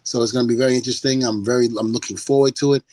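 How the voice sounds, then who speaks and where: A man's voice: medium pitch, fairly even intonation, racing, dark tone, slight background noise, rough recording. A middle-aged man on a podcast, talking casually and animatedly, laughing and mimicking people as he tells stories. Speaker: podcast guest.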